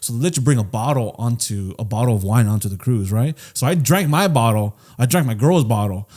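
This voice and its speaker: A man's voice: medium pitch, animated, fairly quick, a little mellow. A young man co-hosting a podcast, rambling through a party story with swearing and lots of "right?". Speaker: podcast co-host. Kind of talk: casual storytelling chat.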